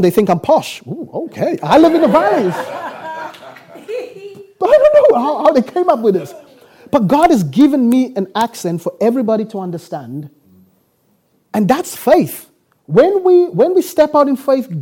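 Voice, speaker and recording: Preacher from South Africa, storytelling sermon, lively swinging pitch, acts out every exchange. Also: male voice. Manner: animated, acts out dialogue with quick laughs.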